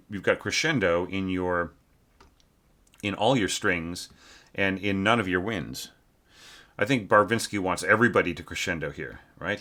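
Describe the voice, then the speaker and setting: Low, bright-voiced man giving score critique. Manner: sings phrases to demonstrate; halting, many fillers and restarts. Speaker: orchestration teacher.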